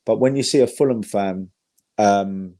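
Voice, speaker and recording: A man's voice: lowish voice, measured pace, dark tone, no echo. A man guest telling rambling, sweary fan anecdotes in casual chat, with an English accent. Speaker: podcast guest, football fan.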